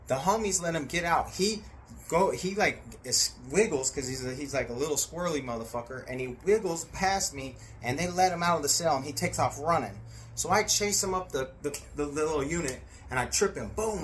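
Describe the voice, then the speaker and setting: Man, casual storyteller, animated delivery, middle pitch, faint background noise. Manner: animated, acts out voices and sound effects, swears freely.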